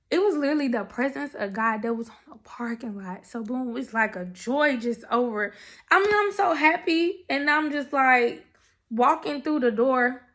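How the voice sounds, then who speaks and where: Bright, high-pitched woman telling a story. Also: gravelly. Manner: animated, emotional, addresses listeners as y'all. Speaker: person sharing a faith testimony. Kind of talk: casual storytelling.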